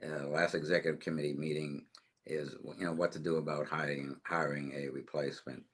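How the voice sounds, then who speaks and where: Deep voiced guy, lots of uhs, stops and restarts at a town board meeting. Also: little pitch movement, breathy edge. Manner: halting, many fillers and restarts. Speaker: planning board member. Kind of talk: meeting announcement.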